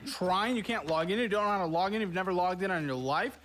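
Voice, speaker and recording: A man's voice: high voice, quick pace, a bit bright. A man hosting from a studio, harshly berating a guest over her spending in a profane, scornful tirade. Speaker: host. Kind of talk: berating financial review.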